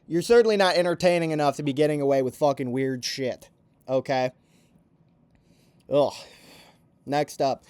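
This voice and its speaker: A man's voice: mid-range voice, a little slow, long pauses, darkish tone, clean tone, dry recording. A man giving heated, profane and sarcastic commentary about fighters in a vlog. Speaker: MMA commentator.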